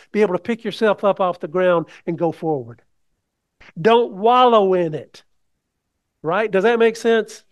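Male preacher, high voice, conversational sermon, questions to the congregation. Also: clean tone.

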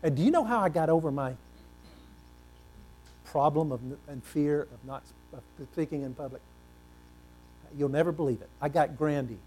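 A male pastor preaching a sermon, animated and asking the congregation questions, swinging between loud and hushed delivery. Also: a little high, moderate pace, pauses often, a little hiss or hum. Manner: repeats words for emphasis, asks the congregation questions.

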